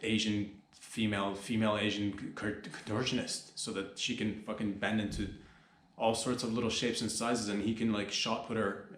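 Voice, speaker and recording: A man's voice: lowish voice, little pitch movement, moderate pace, a bit bright, roomy sound, a little hiss or hum. A man hosting a comedy podcast, riffing in a loose, profane monologue full of slang and mock-panicked outbursts.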